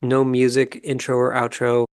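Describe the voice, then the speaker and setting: Male podcast host, calm, analytic show recap, mid-pitched voice with a gravelly fry. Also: moderate pace. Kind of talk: casual commentary recapping a reality show.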